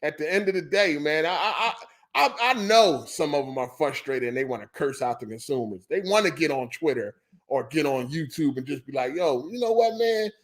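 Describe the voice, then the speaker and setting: Guy ranting on his gaming podcast, headset mic, cussing a lot, voice a bit on the high side. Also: brisk, fairly bright tone. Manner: profane, ranting, repeats himself. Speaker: podcast host. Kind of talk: casual livestream chat.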